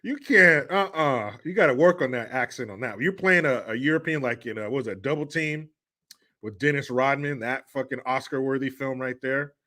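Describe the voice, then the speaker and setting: A man's voice: medium pitch, moderate pace, bright, forceful tone. A man hosting a casual live show, reading viewer comments and riffing with crude jokes and profanity. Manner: crude, joking, drawling asides with profanity.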